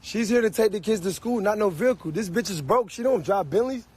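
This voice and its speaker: Agitated man, strikingly high voice, shouting profanities in an outdoor standoff. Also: expressive, fairly quick, breathy edge. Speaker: homeowner arguing with police.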